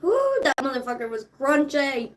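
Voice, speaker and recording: A woman's voice: high voice, big pitch swings, moderate pace. A woman in her twenties chatting casually with viewers, laid-back and slangy, laughing often. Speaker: streamer. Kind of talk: casual chat.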